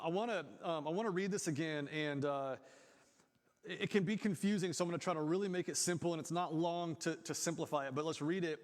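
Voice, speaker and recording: A man's voice: fairly high pitch, long reverb tail. A man preaching a sermon as pastor, in a casual, conversational way, acting out quotes in his own voice. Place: church.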